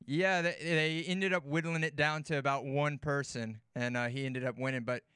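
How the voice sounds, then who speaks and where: A man's voice: fairly high pitch, moderate pace, clear, resonant tone, no echo, clean studio sound. A man guesting on a sports talk show, chatting casually and telling stories with easy laughs and repeated words. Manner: relaxed, laughs easily, repeats words as he tells a story. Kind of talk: casual sports chat and storytelling.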